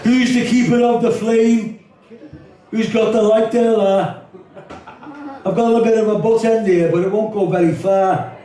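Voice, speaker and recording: A man's voice: high voice, fairly even intonation, a little slow, long pauses, dark tone, far from the mic. A man with a Liverpool accent voicing a cheeky young Scouse lad, brash and slangy. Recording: echoey hall, voice from off-mic.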